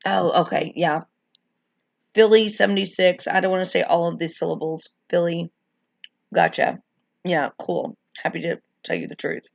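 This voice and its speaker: Chatty woman with a gravelly voice. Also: on the low side, steady tone, normal speed, dry recording. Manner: chatty, rambling, frequent likes and ums. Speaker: streamer sharing wrestling memories. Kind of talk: casual live-stream chat.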